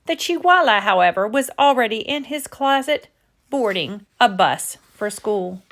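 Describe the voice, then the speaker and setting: A woman teacher reading a children's picture book aloud, expressive and animated, swooping up and down as she voices the characters. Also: mid-range voice, moderate pace.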